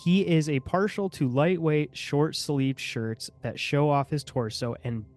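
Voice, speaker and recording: A man's voice: a little high, measured pace, darkish tone. Young male podcast co-host, casual chat, reads aloud and mocks the text. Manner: reads the article aloud, then breaks off to mock it, laughing.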